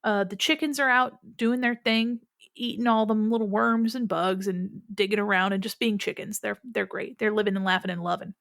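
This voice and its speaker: A woman's voice: mid-range voice, steady tone, brisk, vocal fry, fairly bright tone, no echo. Playful woman game master, dry sound. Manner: playful, rambling. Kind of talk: narrating a tabletop game.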